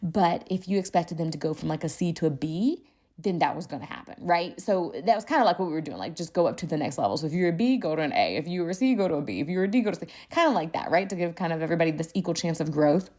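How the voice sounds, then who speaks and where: Animated woman telling classroom stories. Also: fairly low pitch, fast. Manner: animated, laughs often, addresses listeners as "y'all". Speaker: podcast host and first grade teacher. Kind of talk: casual storytelling.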